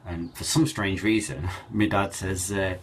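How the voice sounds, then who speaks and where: A man telling a personal story in a halting, emotional way, with many fillers and restarts. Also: deep voice, fairly even intonation, slight background noise. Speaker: cancer survivor telling his story.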